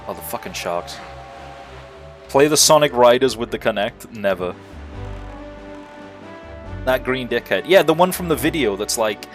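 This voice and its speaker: A young man streaming a video game, chatting casually and telling stories with lots of laughter and swearing. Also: fairly low pitch. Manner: lively, laughing, swearing storyteller. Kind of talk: casual gaming livestream chat.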